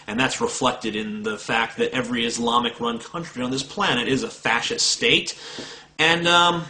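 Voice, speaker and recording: A man ranting into his camera in a combative, swearing video reply. His voice has a bright, sharp edge at an ordinary middle pitch. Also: poor audio. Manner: blunt, combative, swearing freely. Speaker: video blogger. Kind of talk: profane ranting video response.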